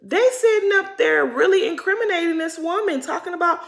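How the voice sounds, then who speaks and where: A woman's voice: extremely high pitch, expressive, fairly quick, vocal fry, a bit bright. A woman giving a casual, opinionated recap of a reality TV episode, talking in chatty slang and laughing often. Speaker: recap host.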